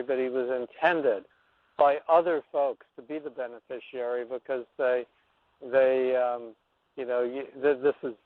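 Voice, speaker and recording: A man's voice: mid-range voice, no echo. A man in his sixties, an anthropologist guesting on a radio show, telling a story in a reflective, wandering way and often restarting his sentences. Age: 60s. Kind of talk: rambling storytelling on a call-in interview. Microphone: telephone. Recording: dry, tinny phone line.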